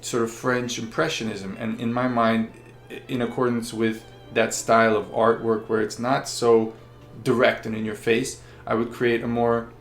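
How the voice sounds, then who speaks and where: A man's voice: mid-range voice, flat delivery, moderate pace, soft background music. A man teaching violin technique, explaining patiently with frequent fillers. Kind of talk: instructional explanation. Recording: roomy echo.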